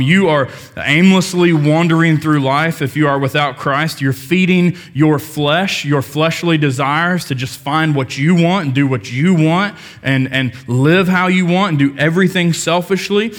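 A young adult man preaching a casual sermon as pastor, joking with the congregation and filling pauses with ums and restarts. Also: on the high side, fairly bright tone.

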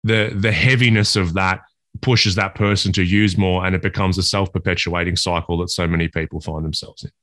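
A man's voice: low-pitched, steady tone, a little fast, a bit bright, no echo. A man in casual podcast chat, candid and sweary, telling stories about his recovery.

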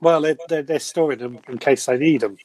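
A man's voice: a little high, a little fast, a little mellow, no room sound. A middle-aged British man chatting casually as co-host, easygoing and a little hesitant. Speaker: co-host and guest. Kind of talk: casual chat. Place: home room with grow lights. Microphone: webcam or phone mic.

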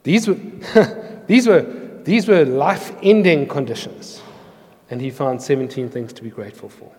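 A man's voice: medium pitch, a little slow, a little mellow. A man preaching a sermon in an earnest, storytelling way, explaining words of scripture. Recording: long hall reverb.

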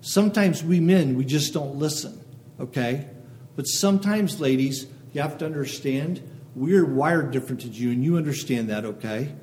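A man's voice: on the high side, normal speed, a little mellow, slight background noise. A man preaching a sermon to a congregation in short phrases, reading scripture aloud and checking in with listeners. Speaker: pastor. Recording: long hall reverb.

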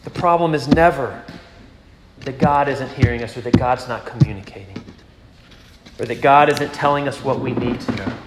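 A pastor preaching a sermon to his congregation, earnest, moving between strong emphasis and hushed rhetorical questions. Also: medium pitch, normal speed. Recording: echoey hall with background noise.

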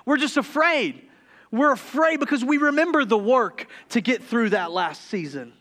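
A man in his thirties preaches from the pulpit in a high, bright, forward voice. He tells self-deprecating stories with a comic edge, then drops into a hushed, tender tone. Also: expressive, normal speed. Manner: humorous, confessional storytelling that turns quiet and tender. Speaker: pastor. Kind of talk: sermon.

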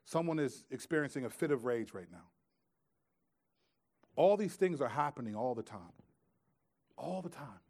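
A man preaching a sermon in a conversational way, swinging from loud, pressing emphasis to hushed, quiet asides. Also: medium pitch, lively intonation, normal speed, long pauses. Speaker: pastor.

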